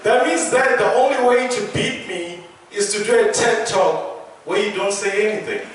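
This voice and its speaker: A young man from England doing a stand-up comedy routine, animated, with loud punchlines and laughing at his own jokes. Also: sits high, normal speed, a little hiss or hum. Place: small theatre stage. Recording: echoey theatre, mic from a distance.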